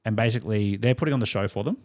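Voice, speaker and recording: A man's voice: on the low side, rapid-fire, a little mellow. A young Australian man co-hosting a music podcast, telling stories in a rambling, chuckling, casual way. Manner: rambling storyteller, chuckles often. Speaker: podcast co-host. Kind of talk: casual chat.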